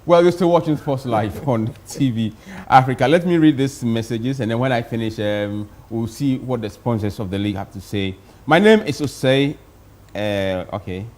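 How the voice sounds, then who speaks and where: A man's voice: medium pitch, moderate pace, a little mellow. A man hosting a sports talk show and reading out listener messages. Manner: brief interjections, reads messages aloud.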